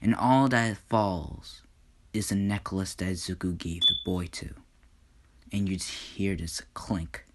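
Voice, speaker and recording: A man tells an improvised fan story slowly, with long pauses and a somewhat low voice. He often drops to a hushed whisper at the dramatic moments and stumbles now and then as he goes. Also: fairly even intonation, a little hiss or hum.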